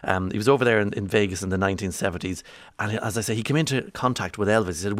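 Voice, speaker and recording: An Irish man from County Monaghan hosting a morning radio show, chatty and rambling, swinging from bright to low. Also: very fast, no echo. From County Monaghan, Ireland. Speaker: radio host. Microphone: studio microphone.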